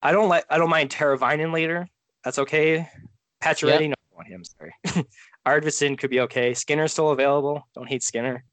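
A man co-hosting a casual fantasy sports podcast, talking in a relaxed way and thinking out loud as he trails off. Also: a little high, brisk, no room sound. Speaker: podcast co-host. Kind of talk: casual fantasy draft chat.

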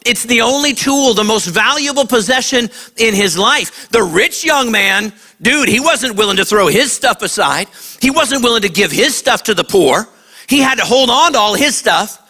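A man preaching a lively sermon to kids, acting out voices and shouting at the high points. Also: moderate pace. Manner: animated, acts out voices. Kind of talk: sermon to a young audience.

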